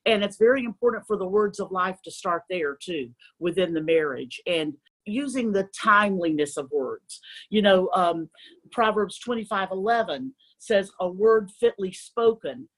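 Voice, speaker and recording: A woman's voice: mid-range voice, animated, normal speed, rough recording. A woman speaking as a guest on a faith-based parenting show, earnest and quoting scripture.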